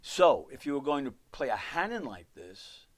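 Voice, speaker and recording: A man's voice: medium pitch, very animated, normal speed. Man counting rhythms at the piano. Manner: counts and sings rhythms aloud while playing, rambling asides. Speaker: piano teacher. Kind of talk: live online music lesson.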